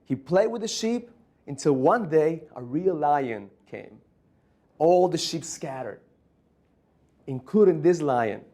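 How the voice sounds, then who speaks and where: A man's voice: on the high side, lively intonation, slow, pauses often, mellow. Emphatic male motivational speaker. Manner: emphatic storytelling. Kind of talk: conference keynote speech.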